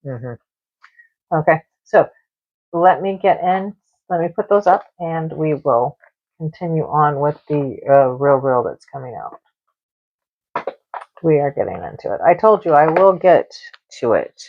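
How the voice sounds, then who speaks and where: A woman's voice: sits low, lively intonation, unhurried, pauses often, no echo. A woman hosting a live-stream tarot reading, rambling and emotional, with many fillers and repeated words. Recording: dull lo-fi live-stream audio.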